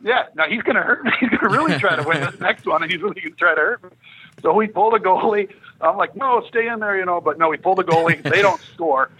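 Fast, bright-voiced storyteller man, husky. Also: high-pitched, poor audio. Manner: animated, laughing, acting out quotes. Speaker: guest storyteller, former hockey player. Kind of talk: casual storytelling on a podcast.

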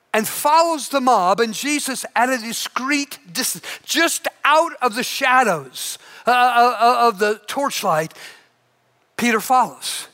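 A man preaching a sermon, telling a story dramatically and dropping to a hushed intensity at its peaks. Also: very high-pitched. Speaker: pastor.

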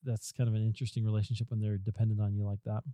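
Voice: mid-range voice, level tone, racing, warm tone. A podcast host interviewing a guest, encouraging and responsive, with reflective follow-up questions. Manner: encouraging, responsive, laughs along.

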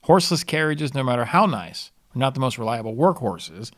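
A man's voice: medium pitch, expressive, a little fast, fairly bright tone, dry recording, studio quality. Wisecracking man in a history chat. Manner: wisecracking, chatty. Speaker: podcast co-host.

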